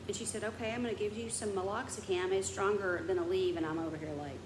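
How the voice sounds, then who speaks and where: A woman's voice: medium pitch, fairly even intonation, quick pace. A woman vlogging in casual chat, rambling through a story, venting, and sometimes dropping to a whisper. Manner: rambling storyteller who vents and drops to a whisper. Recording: echoey room with background noise.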